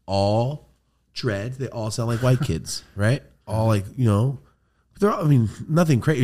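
A man hosting a podcast, telling a story in casual chat, animated and swearing a lot. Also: mid-range voice, moderate pace. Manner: animated, swearing, quoting friends in put-on voices. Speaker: podcast host.

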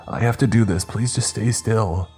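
A man's voice: sits low, moderate pace, mellow, soft background music, pitched above the performer's own voice, close to an everyday voice. A man doing a whimpering, frightened young man. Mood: pleading. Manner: begging, whimpering, apologetic. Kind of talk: horror story narration.

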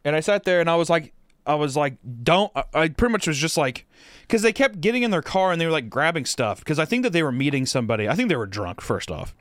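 A man's voice: a little high, very animated, fast, fairly bright tone, no room sound, clean studio sound. A young man co-hosting a podcast, telling a long story in a casual, rambling way with lots of fillers and swearing. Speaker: podcast co-host.

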